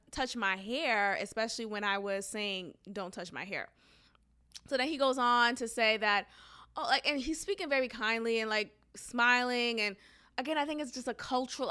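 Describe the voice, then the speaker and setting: Young woman, podcast host; bright, slightly high voice; lively storyteller who acts out the scenes. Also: clean tone. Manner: animated, laughs often, acts out quotes. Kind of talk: casual storytelling.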